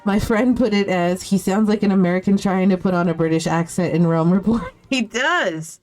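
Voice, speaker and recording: A woman's voice: mid-range voice, normal speed, darkish tone, faint music behind. A woman streaming a video game, chatting casually, reacting aloud and swearing now and then. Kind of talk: casual live-stream commentary.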